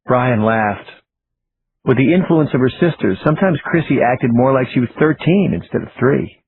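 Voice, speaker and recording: Male audiobook narrator, steady delivery, thin lo-fi phone-like recording. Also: mid-range voice, moderate pace, slightly rough. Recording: tinny phone-like audio with faint hiss.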